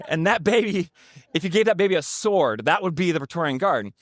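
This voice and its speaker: A man's voice: sits high, expressive, moderate pace, a bit bright, no room sound. Conversational man preaching a sermon, dry sound. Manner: conversational, joking asides to the congregation. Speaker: pastor.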